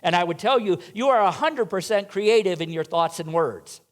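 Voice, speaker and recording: A man's voice: high voice, lively intonation, moderate pace. A man preaching a sermon in a church, asking the congregation rhetorical questions and making playful asides to them. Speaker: minister. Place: church sanctuary.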